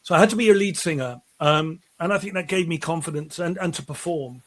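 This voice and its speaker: Higher-voiced man telling rambling stories. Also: a little fast. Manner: animated, rambling anecdotes with frequent restarts. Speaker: musician guest. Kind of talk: casual interview storytelling.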